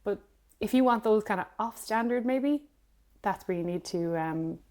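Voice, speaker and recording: A woman's voice: medium pitch, lively intonation, normal speed, dark tone. A woman co-hosting a podcast, giving practical advice in casual chat. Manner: practical, explains in detail. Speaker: podcast co-host.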